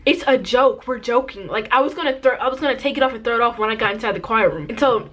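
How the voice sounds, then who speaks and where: Teen girl vlogger, higher voice, chatty storyteller who laughs easily. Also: very fast, a bit bright, a little hiss or hum. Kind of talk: casual storytime.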